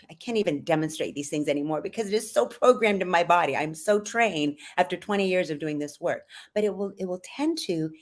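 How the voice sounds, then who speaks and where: A middle-aged woman voice coach teaching on a podcast, calm and earnest, explaining breathing step by step. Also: deep voice.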